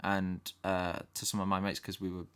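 A man from England chats casually, telling stories from his school days. His voice sits a little low but sounds bright and forward. He laughs often and slips into impressions. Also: completely flat delivery, normal speed, clean tone. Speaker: podcast co-host. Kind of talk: casual chat.

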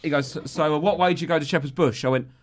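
A man's voice: fairly high pitch, rapid-fire. A man co-hosting a podcast, telling a comic anecdote in casual chat. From South East London. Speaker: podcast co-host.

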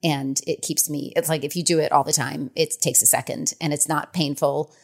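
A middle-aged woman speaking as an author and podcast guest, frank and animated, laughing often. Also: sits low, normal speed, creaky. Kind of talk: candid podcast conversation.

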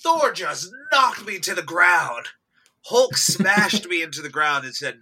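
A young man co-hosting a casual podcast chat, telling animated stories and acting out quotes, with frequent laughs and shouts. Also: high-pitched, a little slow, breathy edge, rough recording. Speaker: podcast co-host.

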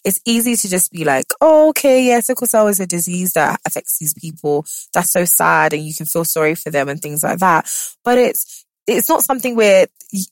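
A young woman hosting a podcast, emotional and warm in a casual heartfelt chat, often restarting her sentences and acting out quotes in lively voices. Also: fairly low pitch, dry recording. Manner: emotional, halting restarts, animated quoting. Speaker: podcast host.

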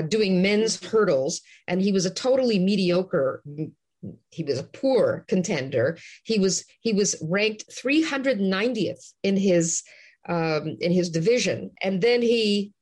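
A woman from Canada, a guest on an interview show, talking in a passionate, ranting way with many restarts. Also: mid-range voice. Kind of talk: animated interview talk.

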